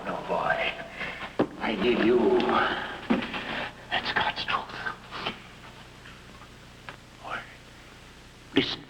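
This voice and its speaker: A man's voice: on the low side, very noisy. An actor playing a frightened, hunted blind man in a 1960s TV drama, pleading and stammering, often dropping to worried half-whispers. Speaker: lead actor.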